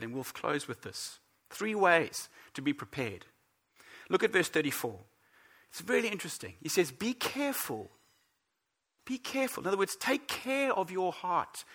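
A man preaching a sermon as pastor, earnest and emphatic, slowing down to stress the scripture he quotes. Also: on the high side, bright, forceful tone.

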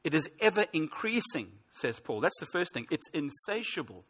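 Bright-voiced preaching man. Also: fairly high pitch, sing-song, moderate pace, slightly rough. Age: 40s. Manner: earnest, emphatic preaching with rhetorical questions. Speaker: pastor. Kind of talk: sermon.

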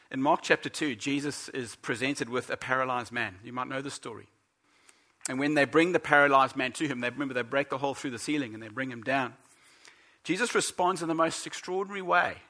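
A man preaching a sermon as pastor, earnest and emphatic, slowing down to stress the scripture he quotes. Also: mid-range voice, pushed and bright.

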